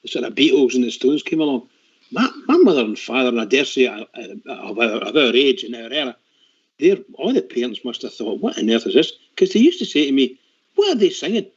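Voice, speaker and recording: An older Scottish man on a radio panel, reminiscing in a halting way with many restarts. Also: mid-range voice, animated, breathy edge. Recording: dull lo-fi radio sound.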